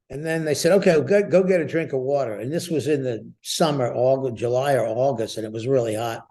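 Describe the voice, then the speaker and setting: A man in his seventies from the United States, a veteran guest telling stories in an interview with a lively, chuckling manner. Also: on the high side. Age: 70s. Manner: lively, chuckling storyteller who repeats words as he goes. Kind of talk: storytelling interview.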